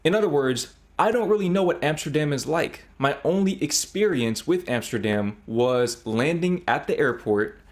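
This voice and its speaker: A man's voice: a little high, lively intonation, moderate pace, few pauses. An American man hosting a reaction video, talking through his thoughts in a chatty, reflective way. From United States. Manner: chatty, reflective, thinking aloud. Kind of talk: casual commentary.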